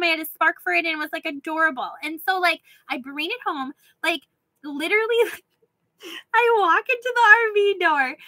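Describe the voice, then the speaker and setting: High bright-voiced woman ranting. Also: no room sound, rough recording. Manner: chatty, filler-heavy, laughs while telling. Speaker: vlogger. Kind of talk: casual storytelling rant.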